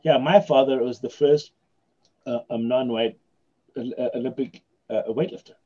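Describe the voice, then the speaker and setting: Mellow, husky man. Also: mid-range voice, normal speed, dull audio. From South Africa. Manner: rambling anecdotal storyteller, many restarts. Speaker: magician guest. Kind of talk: casual podcast chat.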